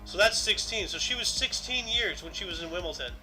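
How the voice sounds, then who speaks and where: Bright-voiced chatty man. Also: sits high, expressive, brisk, faint music behind, low-quality recording. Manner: chatty, wonders aloud and exclaims. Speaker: podcast co-host. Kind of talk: casual chat, reading out history entries.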